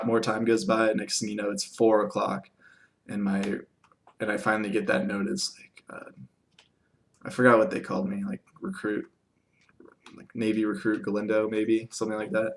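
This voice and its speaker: Young man, casual vlog storytelling, lowish flat voice, lots of likes and ums. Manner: rambling, filler-heavy, acts out quoted exchanges. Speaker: vlogger.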